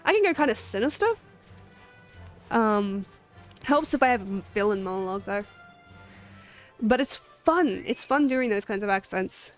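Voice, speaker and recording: A woman streamer rambling in casual chat during a game stream, chatty and self-deprecating. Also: medium pitch.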